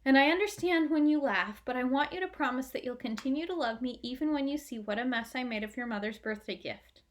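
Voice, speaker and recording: A woman's voice: sits high, a little fast, pitched above the performer's own voice, close to an everyday voice. A woman playing a solemn, apologetic dad. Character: middle-aged father, earnest and solemn.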